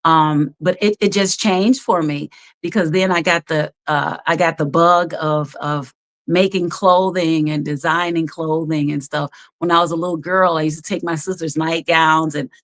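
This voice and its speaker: A woman with a somewhat low voice talks as a guest on a live-streamed video call. She tells her stories in an animated way, full of laughs and fillers. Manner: animated storyteller, quick to laugh, many fillers. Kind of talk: casual interview over a live stream.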